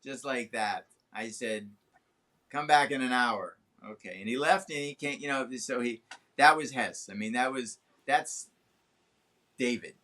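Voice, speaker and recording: A man in his seventies, a guest telling a long, animated story in an interview, swearing freely. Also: unhurried. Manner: animated, swearing, acts out quotes with big pitch jumps. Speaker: guest actor. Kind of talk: anecdotal storytelling in a podcast interview.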